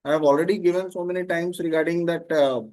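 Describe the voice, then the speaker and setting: A man teaching an online grammar class, explaining slowly, repeating terms and often checking "Okay?". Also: a little high, steady tone, darkish tone.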